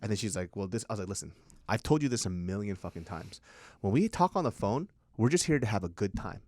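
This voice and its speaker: A man's voice: on the low side, lively intonation, fast, a little mellow, no room sound. A man co-hosting a casual podcast, his voice swinging widely as he acts out family quarrels. He swears freely. The sound is dry and close, with no room around it. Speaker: podcast co-host.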